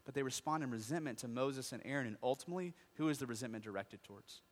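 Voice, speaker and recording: This is a man preaching as a pastor, his medium-pitched voice moving fast through questions he puts to the congregation and then answers. He alternates hushed asides with loud, passionate bursts, and the large hall gives a long reverb.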